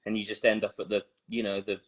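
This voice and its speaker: A man's voice: lowish voice, monotone, fast talker, a bit bright, slightly rough. A man musician chatting as a podcast guest, rambling and self-mocking. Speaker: band member guest. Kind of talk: casual chat.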